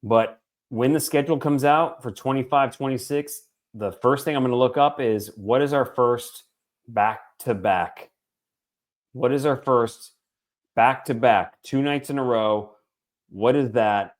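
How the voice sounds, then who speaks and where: A man in his forties co-hosting a podcast, talking sports in an animated, joking way and swearing freely. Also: medium pitch, unhurried. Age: 40s. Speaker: podcast co-host. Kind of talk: casual sports chat.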